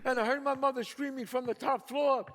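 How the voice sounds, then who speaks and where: A man's voice: very high-pitched, steady tone, fairly quick, fairly bright tone, slight background noise. A man from the Bronx telling a story on stage alone in a vivid, streetwise, dramatic way. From the Bronx, New York. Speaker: solo stage performer. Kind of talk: theatrical storytelling. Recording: stage reverb in a hall.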